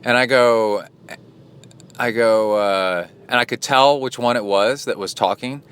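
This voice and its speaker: A man's voice: medium pitch, a little slow, fairly bright tone, smooth. Male coach-host, casual storytelling, indignant, rambling delivery with fillers and restarts. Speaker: podcast host and endurance coach.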